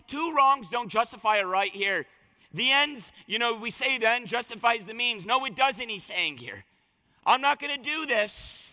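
A man's voice: very high voice, animated, normal speed, pushed and bright, in a large hall. A man preaching a sermon as a pastor, fervent and colloquial, repeating lines for emphasis.

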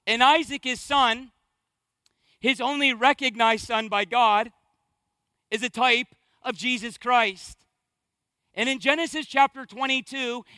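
High, bright-voiced pastor preaching emphatically. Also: male voice, smooth, no echo. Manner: emphatic, repeats phrases for stress. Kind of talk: sermon. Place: church.

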